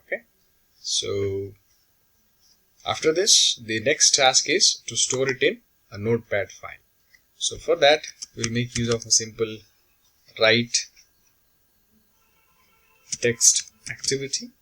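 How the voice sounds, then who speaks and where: A man giving a slow, step-by-step software tutorial, walking through each action on screen. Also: medium pitch, lively intonation, low-quality recording.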